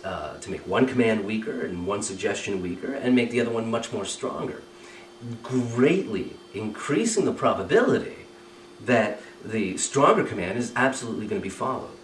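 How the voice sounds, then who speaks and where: Lively-voiced man teaching, echoey room. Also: on the low side, recorded from a distance, slight background noise. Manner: explanatory, checks understanding with "right?" and "okay?". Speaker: communication trainer. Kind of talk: recorded training lesson.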